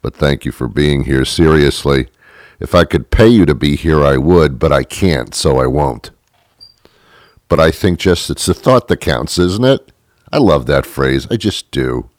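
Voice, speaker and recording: Very deep-voiced deadpan man hosting. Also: unhurried, dry recording, studio quality. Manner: deadpan, sardonic, self-mocking. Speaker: talk show host. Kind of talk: comedic monologue.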